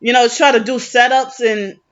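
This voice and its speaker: A woman's voice: a little high, fairly even intonation, moderate pace, a bit bright, lo-fi sound. A woman venting in a rambling, aggrieved vlog monologue, often restarting her sentences. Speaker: vlogger.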